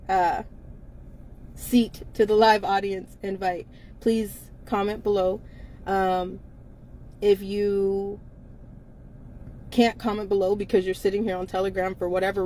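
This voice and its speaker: On a low-quality recording, a livestream host with a mid-range, slightly mellow voice talks casually and bluntly. Profanity comes often, and so does laughter between her lines.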